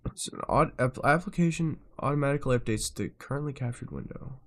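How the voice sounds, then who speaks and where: A man's voice: mid-range voice, fast. A man streaming live, muttering to himself and apologizing to his chat while he fights with his stream setup, swearing in exasperation.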